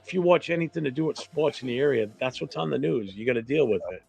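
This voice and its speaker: A man with a New England accent hosting a casual fan talk stream, blunt, opinionated and quick to swear. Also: mid-range voice, lively intonation, gravelly, a little mellow, slightly rough, soft background music. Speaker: fan show host.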